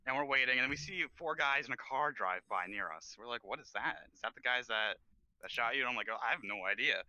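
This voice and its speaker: A man guesting on a casual livestream chat, telling stories in an animated way and swearing casually. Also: mid-range voice, quick pace, no echo. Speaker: community member guest.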